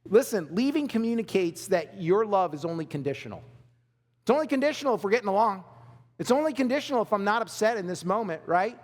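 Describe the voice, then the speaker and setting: Male pastor, high voice, emphatic repeated phrases, church sermon, long hall reverb. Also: big pitch swings, fast talker. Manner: emphatic, repeats key phrases, laughs with the congregation.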